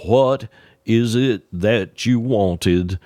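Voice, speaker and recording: A man doing a slow-drawling old man with a North Carolina accent. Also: on the low side, warm tone, no room sound, studio quality. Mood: slow, unhurried. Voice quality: very slow and deliberate. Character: elderly man impersonated, slow drawling phone talker.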